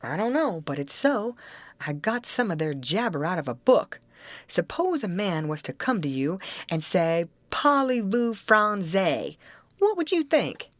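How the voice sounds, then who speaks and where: Woman voicing young boy, patient, plain explaining, low-ish voice, audiobook. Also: sing-song, normal speed, darkish tone, dry recording. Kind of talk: audiobook reading.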